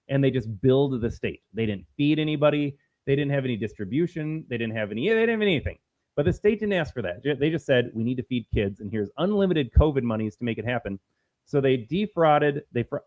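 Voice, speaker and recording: A man's voice: medium pitch, muffled recording. A man from Minnesota hosting a solo political commentary stream, talking in a combative, sarcastic and emphatic way.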